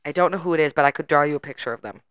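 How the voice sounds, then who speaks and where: A young woman with a lowish voice tells a story in casual podcast chat, slipping into quoted voices as she goes. The sound is dry and close, with no room around her. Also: rapid-fire, clean tone, dry recording, dull audio. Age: 20s. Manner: animated storytelling, acts out quoted people. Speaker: podcast co-host.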